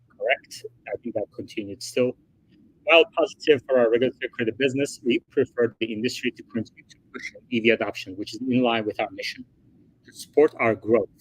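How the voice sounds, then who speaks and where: A man's voice: medium pitch, slightly rough, poor audio. A man hosting a casual livestream, talking through financial figures in a chatty way and thinking aloud as he goes. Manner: chatty, thinking aloud, reads quotes from a report. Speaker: livestream host.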